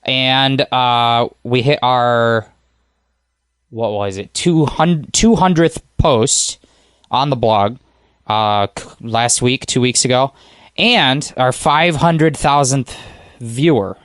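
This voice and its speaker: Podcast guest, male, mid-pitched, relaxed rambling talk, dry close mic. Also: takes it slowly, smooth, dry recording. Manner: easygoing, rambling, self-deprecating. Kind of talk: casual podcast chat.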